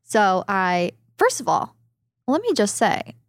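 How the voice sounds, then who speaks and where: A woman co-hosting a casual podcast, from Southern California, chatting in an animated way and acting out what other people said. Her voice sits at a middle pitch, recorded close and dry with no room sound. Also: takes it slowly, no room sound. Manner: animated storytelling, quoting others in lively voices. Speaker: podcast co-host. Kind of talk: casual chat.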